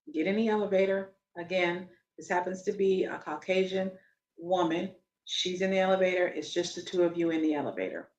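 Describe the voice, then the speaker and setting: A woman's voice: mid-range voice, darkish tone, lo-fi sound. A woman hosting a podcast, explaining in an instructive tone and repeating key words for emphasis. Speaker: podcast host.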